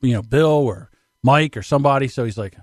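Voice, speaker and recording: A man's voice: medium pitch, fairly quick, dry recording, studio quality. A man co-hosting a podcast, rambling through work stories, laughing and mimicking people he worked with. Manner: rambling, laughing, does voices of old bosses. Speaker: podcast co-host. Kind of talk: casual storytelling chat.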